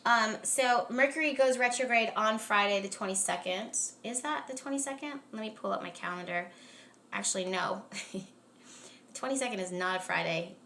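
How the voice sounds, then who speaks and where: Bright, chatty woman hosting a live stream. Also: medium pitch, moderate pace, a little hiss or hum. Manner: chatty and animated, many "like"s, laughs often, rants emphatically. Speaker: astrologer hosting a live chat. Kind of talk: casual live-stream chat. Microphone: phone or webcam on a live stream.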